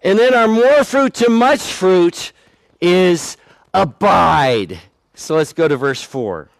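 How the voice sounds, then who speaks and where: Guy preaching a sermon, kinda high voice, chatty and jokey, no room echo at all. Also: lively intonation, takes it slowly, vocal fry. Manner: conversational, self-deprecating, acts out quoted voices. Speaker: pastor.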